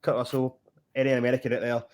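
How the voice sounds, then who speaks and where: A man's voice: mid-range voice, flat delivery, fast, darkish tone. A man co-hosting a podcast, chatting casually in a rambling, easily amused way. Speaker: podcast co-host. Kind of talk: casual chat.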